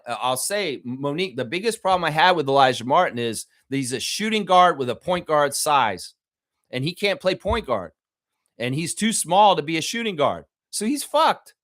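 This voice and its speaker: Guy ranting hard about his team, cussing a lot, voice jumping all over. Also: a little high. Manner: animated, profane, indignant. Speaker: sports fan show host. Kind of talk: heated fan rant.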